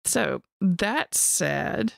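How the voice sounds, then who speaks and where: A woman co-hosting a podcast, telling a story in an animated, casual way and swearing freely. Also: medium pitch, very slow, creaky, dry recording, studio quality. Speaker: podcast co-host.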